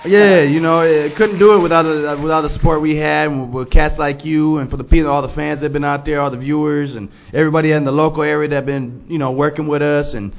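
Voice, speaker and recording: A man's voice: a little high, fairly even intonation, fast, hardly any pauses. A male host of a live web show talking casually and swearing freely, his voice stuffed up from a head cold with fever. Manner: laid-back, loose, swears freely.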